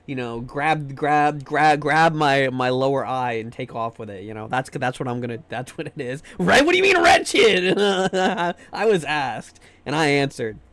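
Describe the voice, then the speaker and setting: A man's voice: medium pitch, steady tone, moderate pace, hardly any pauses, a bit bright. A man streaming live, chatting casually and joking with his viewers, often trailing off into repeated fillers.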